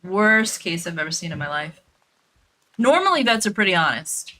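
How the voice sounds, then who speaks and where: A woman's voice: fairly low pitch, sing-song, normal speed, bright, forceful tone. A woman telling a story in a blunt, profane, casual way while streaming a game, with lots of fillers and repeats.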